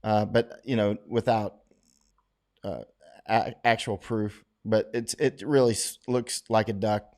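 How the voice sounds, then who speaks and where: This middle-aged livestream host has a lowish, slightly mellow voice with a steady tone and measured pace. He reads out questions from viewers, then gives opinionated, meandering replies, frequently starting over.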